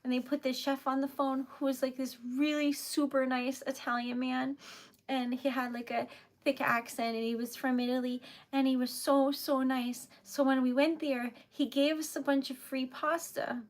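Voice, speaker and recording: A woman's voice: high-pitched, flat delivery, moderate pace. A young woman, chatting casually on a live stream, giggly and emotional with lots of fillers. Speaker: livestreamer.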